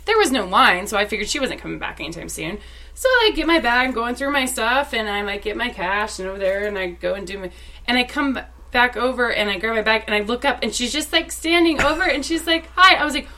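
Woman, young adult, casual chat co-host, animated storyteller, crisp bright tone. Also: on the high side, fast talker. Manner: excited storyteller acting out quotes. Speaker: podcast co-host.

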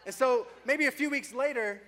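High-voiced man joking through a sermon. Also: moderate pace, pushed and bright. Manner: joking, self-mocking storytelling, laughing often. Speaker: pastor. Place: church before a congregation.

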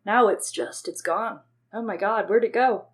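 A woman's voice: medium pitch, normal speed. A young adult woman co-hosting a podcast, talking in a chatty, rambling way with frequent swearing. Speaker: podcast co-host. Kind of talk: casual chat.

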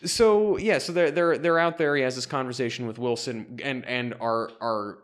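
A man trading jokes on a casual podcast, tripping over his own words and starting sentences again. His voice sits at an ordinary middle pitch. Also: normal speed. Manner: jokey, stammering restarts. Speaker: podcast co-host. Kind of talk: casual chat.

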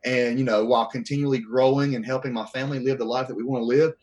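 A man in his thirties from the Southern US, a podcast guest telling a story in a casual, animated way and acting out what people said. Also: mid-range voice, fast talker, lo-fi sound. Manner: animated, acts out quoted voices.

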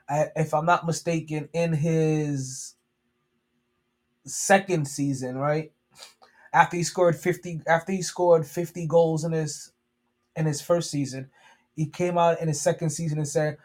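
Male sports podcast host, casual and profane, stumbles and restarts often, slightly higher voice. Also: darkish tone. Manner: rambling, profane, frequent restarts.

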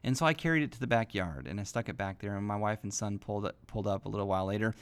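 A man's voice: lowish voice, very fast, clear, resonant tone. A man hosting a devotional podcast, telling a family story in a folksy, earnest way and building into preacher-like exhortation. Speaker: podcast host.

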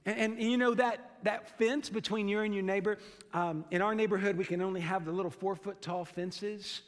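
A man with a notably high speaking voice delivers a heartfelt sermon from the pulpit. He leans hard on key phrases and slows down to drive them home, often repeating a word as he goes. His voice rings out with the long reverb of a church sanctuary. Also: steady tone. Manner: earnest, emphatic preaching with slow stressed phrases and frequent repeated words. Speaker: pastor.

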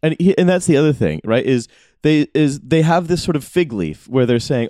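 A man in a casual podcast discussion, wry, throwing in joking asides in quick bursts. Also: mid-range voice, lively intonation, a little mellow, dry recording, studio quality.

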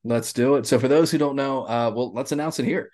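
A man's voice: mid-range voice, fairly quick, darkish tone. Man, sports podcast co-host, casual joking chat, swears freely.

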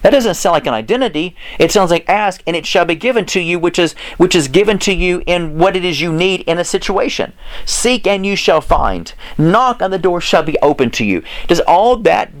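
Excited guy preaching on his podcast, kinda high voice, lots of repeating. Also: moderate pace. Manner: energetic, repetitive, emphatic preaching tone. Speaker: podcast host and author. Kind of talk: motivational religious podcast monologue.

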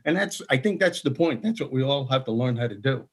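A man co-hosting a comedy talk show, telling anecdotes in an animated way and acting out the people in them. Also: mid-range voice, brisk, breathy edge. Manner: animated storyteller, acts out voices. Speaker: comedian co-host. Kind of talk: casual comedic chat.

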